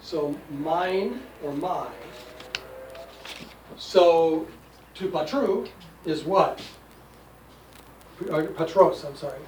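Older man in his 60s, patient teacher with dry jokes; fairly high voice, echoey room, mic far away. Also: very slow, long pauses, a little mellow. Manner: patient, explanatory, wry asides. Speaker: Greek teacher. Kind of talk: classroom lesson. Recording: echoey room, distant mic, faint noise.

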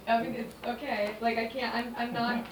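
Young-sounding woman student, unsure, self-deprecating; high voice, roomy echo, distant mic with background noise. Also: flat delivery, moderate pace, crowd noise. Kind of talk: classroom exchange.

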